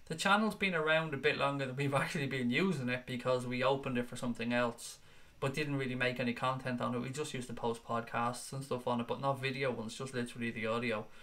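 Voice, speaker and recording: Sweary football fan livestreamer. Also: male voice, medium pitch, fairly even intonation, fairly quick, a bit bright. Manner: casual, sweary, passionate fan banter. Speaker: football fan channel host. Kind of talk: livestream chat, reading viewer comments.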